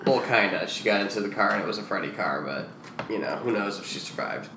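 A man co-hosts a podcast in loose, casual chat. He rambles, trails off and restarts, and his lively voice carries an echoey room sound. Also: fairly low pitch, fast talker, background noise. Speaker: podcast co-host.

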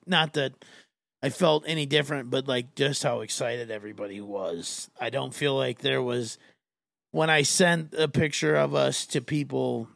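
A man hosting a podcast, chatting casually in a rambling, halting way with many fillers. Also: mid-range voice, gravelly, no echo. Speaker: podcast host. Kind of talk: casual chat.

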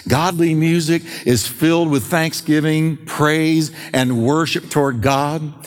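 A middle-aged man pastor preaching an emphatic sermon, slowing and stretching key words for weight. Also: fairly high pitch, steady tone, big-room sound. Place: church sanctuary.

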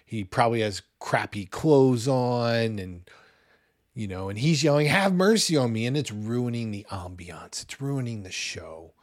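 A man in his forties preaching a sermon in a conversational, animated way, with loud bursts when he acts out what people say. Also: lowish voice, unhurried, no room sound, studio quality. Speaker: pastor.

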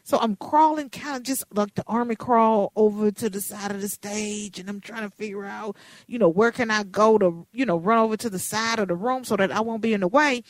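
An animated radio host in her fifties tells a story in a chatty, lively way. Her voice sits in an ordinary middle range for a woman. The sound is dry and close, with no room echo. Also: mid-range voice, brisk. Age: 50s.

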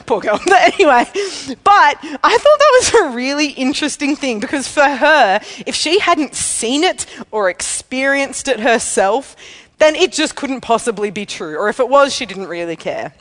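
A woman's voice: high-pitched, expressive, normal speed, fairly bright tone, in a large hall. A woman preacher giving an evening sermon, chatty and candid, telling a personal story and laughing at herself.

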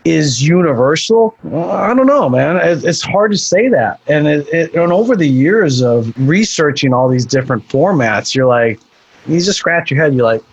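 Husky-voiced man, earnest coach. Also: fairly high pitch, animated, normal speed, dull audio. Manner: earnest, repeats words when starting sentences. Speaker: nutrition coach. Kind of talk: casual podcast chat.

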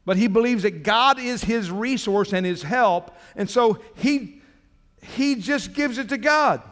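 A man's voice: very high voice, unhurried, a bit bright, long reverb tail. A man pastor preaching a sermon, emphatic, climbing into fervent exhortation.

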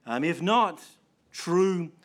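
A man's voice: fairly high pitch, animated, very slow. A man pastor preaching an earnest sermon, often restarting phrases and building to emphatic swells.

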